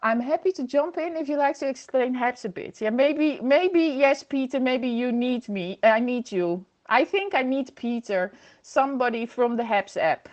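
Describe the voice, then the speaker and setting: A woman chats through a casual livestream from home, greeting viewers by name and laughing as she goes. Her voice sits high, and she speaks into a computer microphone. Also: animated, normal speed, few pauses, muffled recording. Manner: chatty, reads viewer comments aloud, laughs often. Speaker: livestream host.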